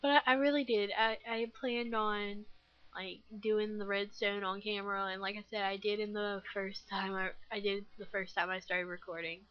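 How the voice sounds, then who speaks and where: A woman's voice: mid-range voice, little pitch movement, normal speed, smooth, lo-fi sound. A nineteen-year-old woman chatting casually while playing a game, rambling with many fillers and self-deprecating giggles. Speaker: gaming vlogger. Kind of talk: casual gameplay commentary.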